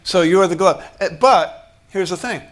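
A man's voice: sits high, normal speed. A man preaching a sermon in a conversational way, acting out short bits of dialogue and chuckling as he goes. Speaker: pastor.

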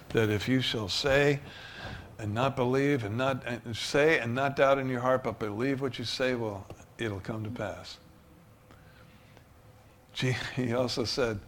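A man preaching a sermon as pastor, emphatic, swinging from loud rises to soft asides. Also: medium pitch, slight background noise.

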